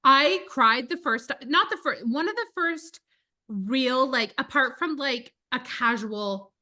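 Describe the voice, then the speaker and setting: High, bright-voiced woman telling chatty stories. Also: unhurried. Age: 30s. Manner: chatty storyteller, animated, many fillers. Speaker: podcast co-host. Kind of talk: casual chat.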